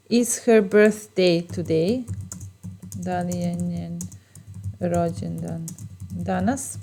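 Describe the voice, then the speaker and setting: A woman with a Serbian accent teaching short English phrases, repeating each one slowly and explaining patiently. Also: on the low side, dark tone, slight background noise. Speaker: language teacher. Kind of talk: bilingual phrase lesson.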